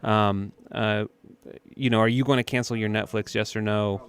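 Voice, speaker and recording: Smooth-voiced male radio co-host. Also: fairly low pitch, fairly even intonation, moderate pace, dry recording. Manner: easygoing, chatty, trails off mid-sentence. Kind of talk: casual radio talk.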